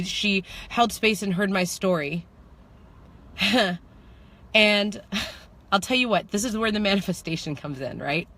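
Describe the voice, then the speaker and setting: A woman telling a personal story in a vlog, animated and laughing, swinging between slow reflective lines and fast excited bursts that rise into shouts. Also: medium pitch. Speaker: spiritual manifestation coach.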